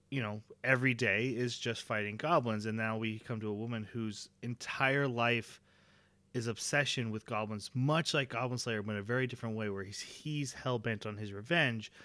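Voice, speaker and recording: Male co-host, bright forceful tone, dry close mic, casual analytical chat. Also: medium pitch, no echo. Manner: thoughtful, restarts phrases while working out ideas. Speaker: anime discussion co-host.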